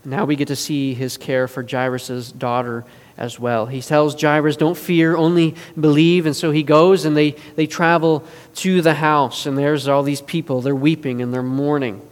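A man preaching a sermon in an earnest way, moving between forceful and hushed delivery. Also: mid-range voice, level tone, normal speed. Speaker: pastor. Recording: long reverb of a large hall.

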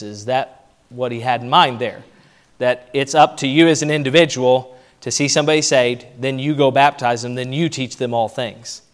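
Man, pastor, emphatic sermon delivery, somewhat high pitch. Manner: emphatic preaching, rising and dropping in loudness.

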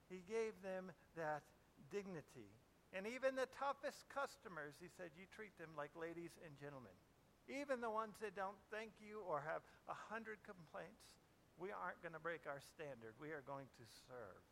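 A man's voice: high voice, sharp tone, a little hiss or hum. A man preaching a sermon as a pastor, in a conversational way that asks the listeners rhetorical questions.

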